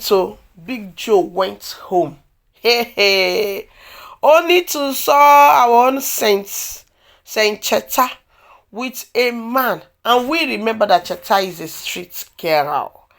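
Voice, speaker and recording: A woman with a Nigerian accent chatting through a casual movie recap, telling the story in an animated way with exclamations. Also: medium pitch. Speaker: movie reviewer.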